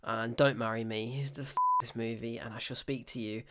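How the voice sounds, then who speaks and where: A man's voice: mid-range voice, fairly even intonation, moderate pace, noisy background. A man hosting his own film review show, ranting in an exasperated, sarcastic way, with heavy sighs, exclamations and bitten-off swearing.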